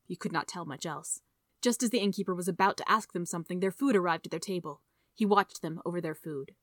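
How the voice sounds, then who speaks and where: A woman's voice: lowish voice, dry recording. Dry, close woman reading a story. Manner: steady, measured reading. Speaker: audiobook reader. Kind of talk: scripted storybook narration.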